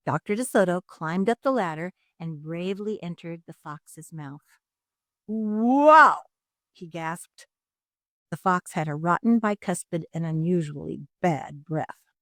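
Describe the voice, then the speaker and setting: A woman reading a children's storybook aloud in an expressive, dramatic narrating style. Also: fairly low pitch, normal speed, no room sound, clean studio sound.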